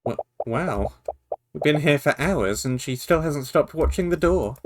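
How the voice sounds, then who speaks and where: A man's voice: on the high side, animated, a little slow, no room sound, clean studio sound. A man playing a visual novel and reading it aloud, with casual asides between the voiced lines. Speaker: let's play gamer.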